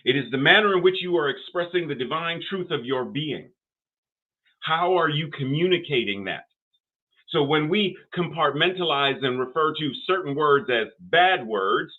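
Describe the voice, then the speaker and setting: A man's voice: a little high, expressive, moderate pace. An older man delivering a sermon as minister, building rhythmic, repetitive phrases to rising emphasis. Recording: phone-like narrow band audio.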